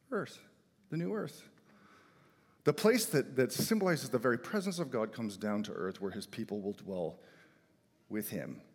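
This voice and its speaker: A middle-aged man preaching a sermon with emphatic delivery, swinging between loud declarations and quiet, soft asides. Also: mid-range voice. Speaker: pastor. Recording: long hall reverb.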